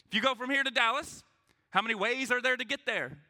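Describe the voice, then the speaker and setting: A man's voice: very high-pitched, fast. A man preaching a sermon to his congregation in a church, joking and acting out little voices as he goes. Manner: animated, joking, acts out voices. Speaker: pastor.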